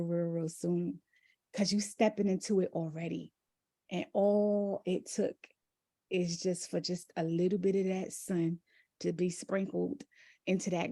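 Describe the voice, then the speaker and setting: A woman coach on a video call, praising a group member warmly and with great emotion. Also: fairly low pitch, gravelly, dry recording. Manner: effusive, warm praise, gushing. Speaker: accountability coach.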